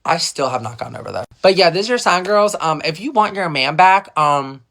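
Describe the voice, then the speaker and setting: A young man telling a story in a casual storytime vlog, animated and gossipy, swearing freely. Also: on the high side, fairly quick, creaky.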